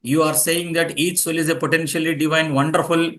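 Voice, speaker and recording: Guy giving a yoga lecture, high bright voice, says everything twice. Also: little pitch movement. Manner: explains slowly, repeats key phrases, quizzes students. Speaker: yoga teacher. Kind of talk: classroom lecture.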